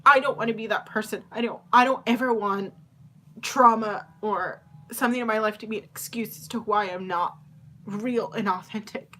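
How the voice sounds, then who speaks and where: A young woman hosting her own podcast, speaking in a confessional, halting way, tearful with a cracking voice. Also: medium pitch, fairly even intonation, pushed and bright. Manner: emotional, halting, confiding. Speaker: podcast host.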